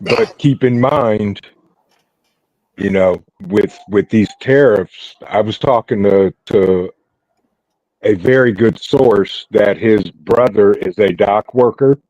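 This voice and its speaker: A man's voice: fairly low pitch, slow, a little mellow, dry recording. A man hosting a casual group chat over an online call, laid-back and putting questions to the group. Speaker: host. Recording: dull lo-fi call audio.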